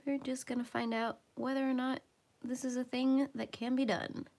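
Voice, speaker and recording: A woman hosting a casual livestream from home while she colors. She chats along and sometimes drops into soft murmurs as she works. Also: high-pitched, flat delivery, moderate pace, creaky. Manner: chatty, drifts into soft murmurs while working. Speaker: livestream host.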